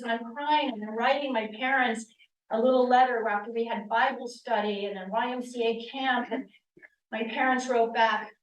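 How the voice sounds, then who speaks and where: Woman, sixties, from the northern US, guest speaker, animated storytelling, slightly high voice, distant church-hall echo. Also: a little hiss or hum. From northern United States. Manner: animated, acts out quoted dialogue. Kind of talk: personal storytelling talk. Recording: echoey room, distant mic.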